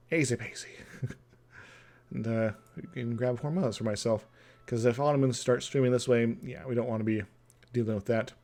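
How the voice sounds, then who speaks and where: A young man streaming a strategy game, thinking out loud in casual commentary, chuckling and humming to himself as he plays. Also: medium pitch.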